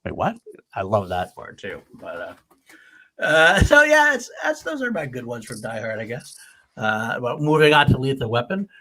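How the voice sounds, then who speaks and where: A man's voice: medium pitch, big pitch swings, moderate pace, sharp tone. A man co-hosting a laid-back movie podcast, with a mid-range voice. He laughs often and swears freely as he chats about favorite lines. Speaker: podcast co-host. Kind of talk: casual movie chat.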